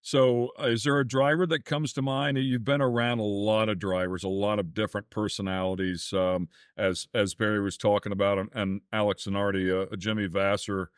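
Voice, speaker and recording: Low-voiced man asking loose questions. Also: little pitch movement, normal speed, few pauses, clear, resonant tone, no room sound, clean studio sound. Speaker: show co-host. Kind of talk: casual interview chat.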